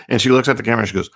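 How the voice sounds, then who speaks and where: A man's voice: mid-range voice, gravelly, fairly bright tone, husky. A man co-hosting a casual podcast, telling crude jokes and laughing often. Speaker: podcast co-host. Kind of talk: casual uncensored chat.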